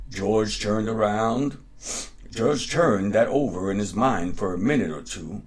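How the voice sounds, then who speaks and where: A man hosting a show and reading a folktale aloud in a lively, unhurried way. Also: lowish voice, slightly rough. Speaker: podcast host and storyteller.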